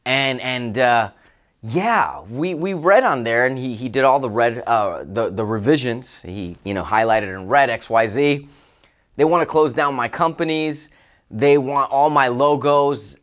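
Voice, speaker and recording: A man who works as a life coach, telling a personal story to camera in a casual, motivational way, expressive and excitable, with loud exclamations. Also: mid-range voice, measured pace. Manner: expressive and excitable, with exclamations and big swings in loudness.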